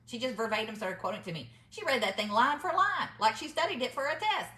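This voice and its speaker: Chatty woman, bright echoey voice. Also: fairly high pitch, animated, a little fast. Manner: chatty, emphatic, addresses viewers as y'all. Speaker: vlogger giving business mindset advice. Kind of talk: casual storytelling to camera.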